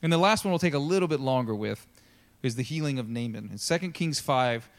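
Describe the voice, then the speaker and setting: A man's voice: mid-range voice, animated, a little fast. A man preaching a sermon as a pastor, telling Bible stories in a casual, chatty way and acting out the characters' lines. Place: church.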